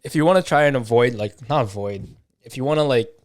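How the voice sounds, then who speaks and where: A man's voice: medium pitch, fast talker, no room sound, clean studio sound. Easygoing young man, slangy podcast talk. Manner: easygoing, slangy, frequent "right?". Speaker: podcast co-host. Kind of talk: casual chat.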